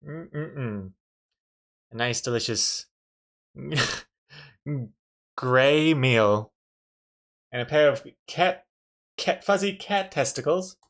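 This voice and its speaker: Chatty male streamer, mid-pitched voice. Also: slow, pauses often, a bit bright. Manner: chatty, reacting with frequent laughs. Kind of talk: live-stream commentary on a drawing game.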